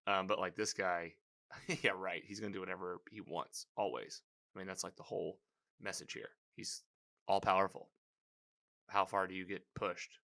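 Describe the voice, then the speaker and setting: Male recapper, somewhat low voice with a crisp, forceful edge; loose, chatty, reactive delivery. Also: moderate pace. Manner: rambling, filler-heavy, animated reactions. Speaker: TV episode recapper. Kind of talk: casual spoken episode recap.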